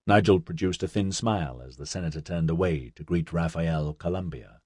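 Male audiobook narrator, low and husky, measured delivery, dry studio recording. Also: darkish tone, no echo. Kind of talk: scripted narration.

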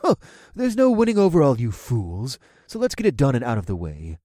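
Casting: man doing a beady-eyed weasel of a man, grudging and sneering, lively pitch. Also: fairly quick, dry recording, studio quality. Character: sly, weaselly grumbling man Carl.

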